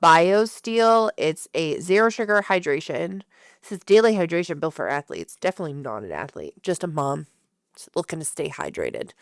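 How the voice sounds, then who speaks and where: A woman with a fairly low voice chats casually as a podcast co-host, acting out little quotes and laughing often. The sound is dry and close, with no room echo. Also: normal speed. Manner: animated storyteller who acts out quotes and laughs often. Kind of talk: casual chat.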